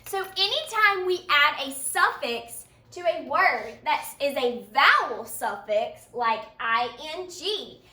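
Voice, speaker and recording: A woman teaching a children's phonics lesson, speaking patiently and slowly to young learners. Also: high voice, bright, forceful tone, roomy sound. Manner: slow, patient, sing-song teacher talk to young learners.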